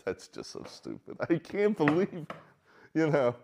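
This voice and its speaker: A man's voice: on the high side, huge pitch swings, slow pace, gravelly, pauses often, a little hiss or hum. A man giving casual, rambling solo political commentary from a barn, hesitant with many fillers and mocking outbursts.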